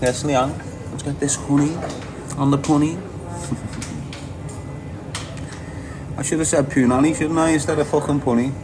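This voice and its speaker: This livestream host, with a Liverpool accent, reads viewer comments in casual, blunt chat, swearing and laughing frequently. His voice is on the high side and steady, and he goes slowly with frequent pauses amid background noise.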